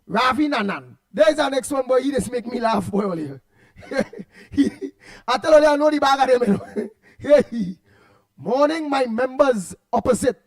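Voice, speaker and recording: A man's voice: very high voice, darkish tone. A man with a Trinidadian accent hosting a radio show, chatting casually and reading out listener comments with laughs and repeated words.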